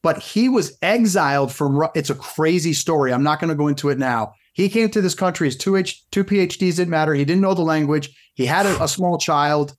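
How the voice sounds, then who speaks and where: Middle-aged fitness coach guy, kinda high voice, chatty storyteller, restarts a lot. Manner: animated, fast storytelling with frequent restarts. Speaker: podcast guest, fitness coach. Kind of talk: casual storytelling interview.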